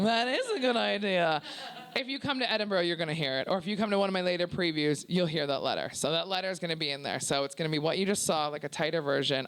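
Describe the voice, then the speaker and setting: Brash, bright-voiced woman doing stand-up. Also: on the low side. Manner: crude, brash, laughing at her own jokes. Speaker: stand-up comedian. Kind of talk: stand-up set. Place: small comedy venue with live audience.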